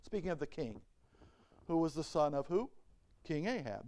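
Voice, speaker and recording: A man's voice: on the high side, big pitch swings, normal speed, long pauses, mellow, dry recording. A male pastor preaching a sermon in church. He reads Bible verses and asks the congregation rhetorical questions. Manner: reads Bible verses aloud and explains them.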